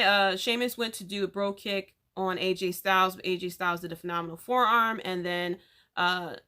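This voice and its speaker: A woman's voice: on the low side, pushed and bright. A woman hosting a podcast, casually recapping an event in a chatty, rambling way with frequent fillers and restarts. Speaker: podcast host.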